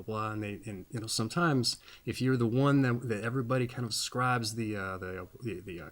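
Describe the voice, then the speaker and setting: A man giving a casual, rambling birthday astrology reading as host, folksy and often checking in with "all right?" while laughing at his own jokes. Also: mid-range voice.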